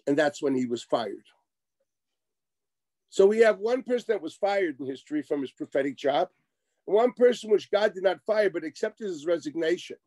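A middle-aged man delivers a Torah lecture in a fairly high, mellow voice. He is animated and wry, acting out exchanges as he teaches. The sound is close and dry. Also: no echo. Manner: animated, wry asides, acts out quoted exchanges. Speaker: rabbi lecturing.

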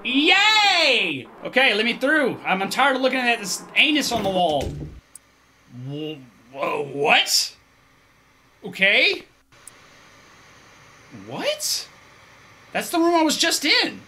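Jumpy gamer with a lively, bright voice. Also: mid-range voice, slow pace, long pauses, slight background noise. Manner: jumpy, exclaims loudly at scares; thinks aloud while solving puzzles. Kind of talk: let's play commentary.

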